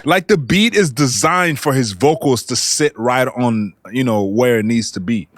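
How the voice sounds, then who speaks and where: A man's voice: medium pitch, animated, a little slow. A man hosting a music reaction video, chatting casually and singing along to lyrics he tries to sound out. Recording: loud music playing underneath. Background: loud hip hop music.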